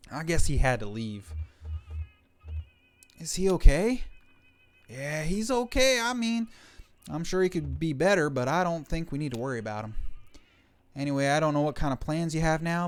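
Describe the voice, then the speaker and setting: A man streaming a game live, reading its dialogue aloud in a playful way and dropping jokey asides between lines. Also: fairly high pitch.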